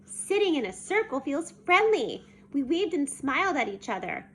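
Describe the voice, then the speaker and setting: A woman reading a children's chapter book aloud in a lively, expressive way. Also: sits high, moderate pace. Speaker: storybook reader.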